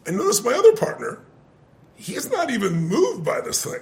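An older man with a gravelly, fry-heavy voice pitched fairly high for a man. He tells a story in conversation with lots of energy, swears casually, and breaks into laughs. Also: normal speed. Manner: animated, swears casually, laughs often, acts out quotes.

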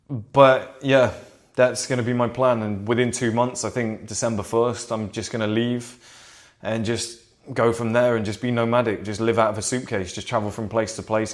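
A man vlogging casually to camera from his seat at home, rambling, swearing freely and pushing a sales pitch. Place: seated at home in a flat. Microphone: camera in front of him.

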